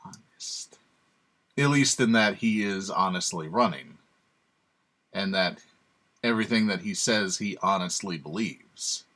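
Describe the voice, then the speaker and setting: A man's voice: low voice, animated, measured pace, pushed and bright. A man hosting his own channel, giving sarcastic, emphatic opinionated commentary and chuckling to himself. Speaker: channel host.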